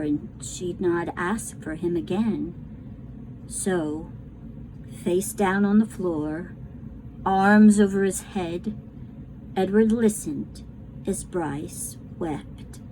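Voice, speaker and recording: A woman reading a children's book aloud to a class, tender and unhurried. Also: lowish voice, dark tone, a little hiss or hum, low-quality recording. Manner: slow, tender storytelling.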